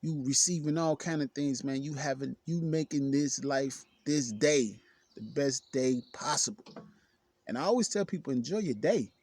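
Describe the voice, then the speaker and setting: A man's voice: mid-range voice, moderate pace, darkish tone, breathy edge, no room sound. A man giving an earnest, emphatic self-help talk, repeating phrases for emphasis. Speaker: motivational speaker. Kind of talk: self-help video monologue.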